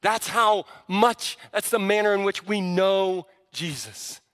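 A male pastor with a bright, forceful, fairly high voice delivers a sermon. He teaches conversationally and then presses his points with fervent emphasis. The sound rings with the long reverb of a big church sanctuary. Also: slow. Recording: long reverb of a large hall.

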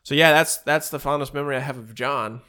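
A man in his thirties tells a rambling, animated story among friends. His pitch is mid-range, and he throws in filler words. He pushes his voice way up when he acts out other people. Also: fast talker, clean tone.

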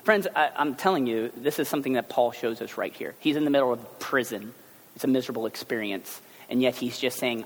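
A man preaching a sermon as pastor, telling everyday stories in a chatty, animated way. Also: medium pitch, brisk. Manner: conversational storytelling, animated asides. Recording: long hall reverb.

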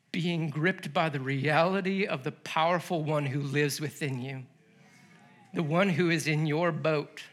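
Lively high-voiced male pastor. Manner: animated, acting out the story's voices; laughs between lines. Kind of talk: sermon.

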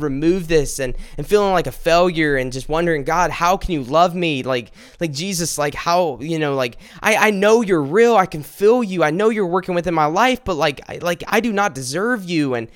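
Smooth-voiced young man, earnest and halting. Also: a little high, fairly bright tone, no room sound, studio quality. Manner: earnest and halting, with many restarts. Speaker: minister. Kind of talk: personal testimony on a podcast.

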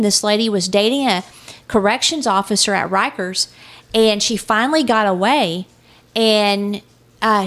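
Woman co-host for a true crime chat, even delivery, mid-range pitch. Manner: reads out a transcript in a level, unhurried voice.

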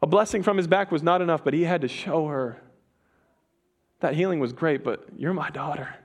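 Animated conversational preacher man. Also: fairly high pitch, brisk. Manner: conversational, animated, acts out quoted voices with laughs. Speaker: pastor. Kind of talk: sermon.

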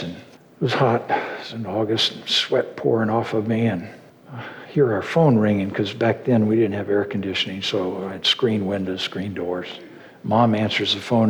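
Earnest male preacher in an echoing hall. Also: on the low side. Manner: storytelling, voicing quoted people, dropping to hushed asides; earnest, rising and emphatic when exhorting. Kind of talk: sermon with personal testimony. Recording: long reverb of a large hall.

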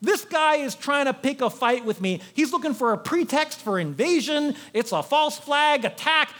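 A man's voice: very high-pitched, expressive, moderate pace, fairly bright tone, pitched above the performer's own voice. A man acting out a hot-tempered ancient king who rants in angry disbelief. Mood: livid. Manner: ranting, incredulous, exasperated. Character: furious ancient king, male, middle-aged, hot-tempered.

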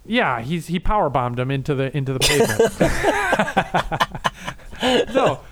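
A man co-hosting a podcast, telling an excitable story in casual chat, swearing freely and often restarting his sentences. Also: medium pitch, fast, a loud crowd. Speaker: podcast co-host.

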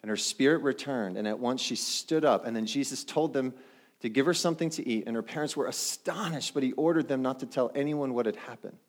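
A man's voice: medium pitch, brisk. A middle-aged male pastor preaching a sermon in a conversational way, often putting questions to the congregation.

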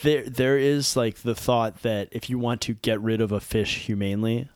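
A man's voice: medium pitch, steady tone, moderate pace, a little mellow, clean tone, dry recording. A man in casual chat, laid-back and jokey.

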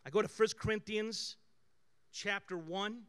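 A male pastor with a high-sitting, clean-toned voice talks a little slowly through a conversational sermon. His personal stories move animatedly from loud bursts to hushed asides.

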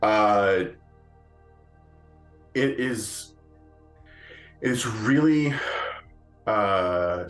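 Male podcast co-host: slow, low-ish voice, rambling casual talk in a roomy-sounding space. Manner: rambling, many fillers and restarts, laughs often. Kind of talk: casual chat.

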